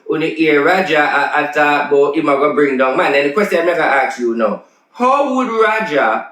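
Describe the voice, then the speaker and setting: A man's voice: a little high, fairly bright tone, roomy sound, rough recording. A man with a Jamaican accent, a self-styled prophet vlogger, talking insistently and repeating himself as he makes his case. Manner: insistent, repetitive, emphatic. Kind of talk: casual ranting commentary.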